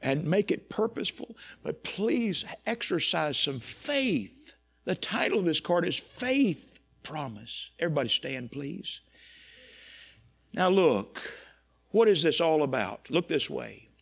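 A man's voice: fairly high pitch, big pitch swings, takes it slowly, creaky, breathy edge. A man preaching a sermon, telling folksy stories and rising into impassioned preaching.

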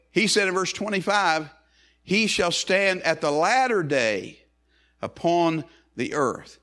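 A man preaching a sermon as pastor, swinging from quick, low asides to slow, high, emphatic rises on key phrases. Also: expressive, sharp tone.

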